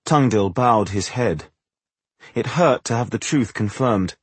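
A man reading fantasy narration for an audiobook in a measured, dramatic way. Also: mid-range voice, expressive, slightly rough, dry recording.

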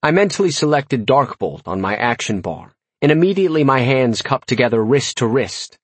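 A man reading a comic first-person audiobook with wry, lively storytelling. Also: medium pitch, moderate pace, husky, dry recording. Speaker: audiobook narrator.

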